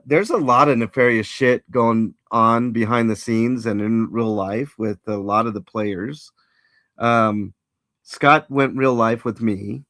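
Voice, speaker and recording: A man's voice: mid-range voice, a bit bright, no room sound, studio quality. A man hosting a casual livestream, rambling and greeting chat viewers by name. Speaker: livestream host.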